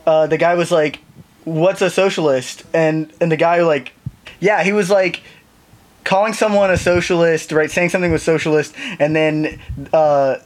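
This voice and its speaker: A man guesting on a podcast, telling stories in a halting, rambling way full of fillers. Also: on the high side, fairly even intonation. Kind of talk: casual chat.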